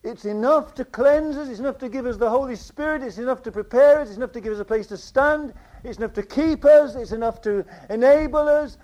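A man preaching a sermon with passion, repeating phrases and swinging between loud declarations and quiet asides. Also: extremely high pitch, fairly quick, few pauses, muffled recording.

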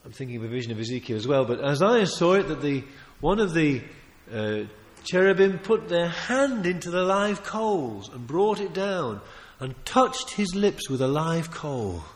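A man preaching a sermon, emphatic and animated, often restarting his phrases and adding asides. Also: a little high, moderate pace, hardly any pauses. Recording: long reverb of a large hall.

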